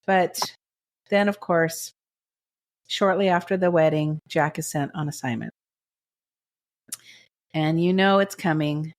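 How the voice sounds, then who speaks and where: A woman with a low voice co-hosts a podcast, speaking slowly with long pauses as she recaps a TV drama. The chat is casual, and she gushes with emotional enthusiasm.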